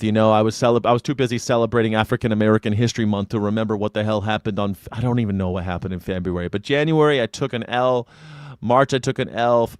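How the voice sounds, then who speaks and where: A man's voice: on the low side, smooth, no room sound, clean studio sound. A man hosting a live news reaction stream, talking casually, joking and mocking, swearing freely. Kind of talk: casual livestream commentary.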